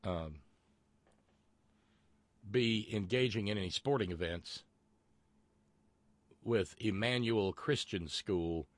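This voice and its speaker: A man's voice: on the low side, takes it slowly, pauses often, dry recording. A man hosting a call-in radio talk show, chatty and rambling with many fillers and restarts, and wry asides.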